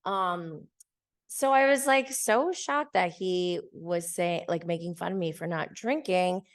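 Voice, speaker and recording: A woman's voice: on the low side, measured pace. Chatty woman telling a story. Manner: chatty, many "like"s, light laughs. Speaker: podcast host. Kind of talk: casual storytelling.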